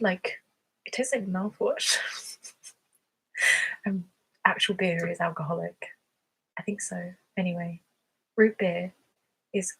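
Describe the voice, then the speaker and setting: A woman's voice: mid-range voice, breathy edge, rough recording. A woman from England with a southern English accent, talking casually on a livestream, chatty and giggly with lots of fillers as she answers viewer questions. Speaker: ASMR creator hosting a livestream.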